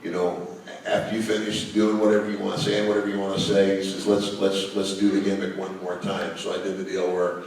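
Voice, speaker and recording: A man's voice: deep voice, completely flat delivery, fairly quick, vocal fry, darkish tone, slight background noise. An older man telling anecdotes to a live audience, in a chatty storytelling way with many fillers. He is recorded from a distance in a large hall with an audience. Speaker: guest speaker. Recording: echoey hall, mic from far off.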